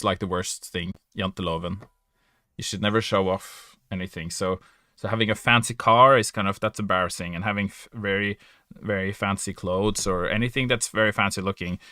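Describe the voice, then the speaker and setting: This Norwegian native, heard as a podcast guest or player, talks informally in accented English, pausing uncertainly, fixing his words and laughing a lot. His lowish voice sounds bright and forceful, recorded in a clean studio with no room sound.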